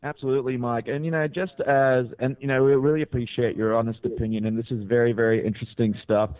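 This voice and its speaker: A male radio host interviewing a guest, agreeing warmly and asking loosely worded questions. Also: medium pitch, level tone, quick pace, dry recording. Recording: tinny phone-like sound.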